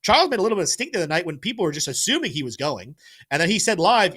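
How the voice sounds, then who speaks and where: Lively, animated crypto host, a man. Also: sits high, racing, slightly rough. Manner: energetic, talks to chat, stumbles over names. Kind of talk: live-stream market commentary.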